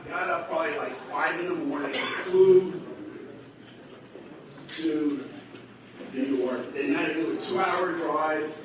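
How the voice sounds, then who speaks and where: A man's voice: a little high, slow, pauses often. A man telling a long personal story at a religious gathering, acting out the dialogue of the people in it. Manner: acts out quoted dialogue with shifting voices. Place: large echoey hall at a school. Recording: very echoey hall, voice from far off, noisy.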